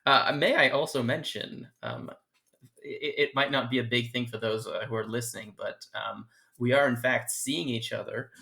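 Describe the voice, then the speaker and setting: A man's voice: medium pitch, moderate pace, vocal fry, pushed and bright. A man co-hosting a casual podcast over a video call, with a wry, hesitant way of talking. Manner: wry, hesitant, dry humor. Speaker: podcast co-host. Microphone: remote call mic.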